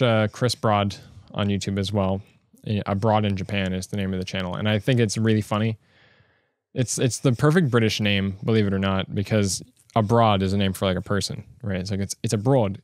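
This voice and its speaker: Low-voiced man rambling on a podcast. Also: no echo, studio quality. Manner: rambling, with many fillers and restarts. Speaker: podcast host. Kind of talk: solo stream-of-consciousness podcast.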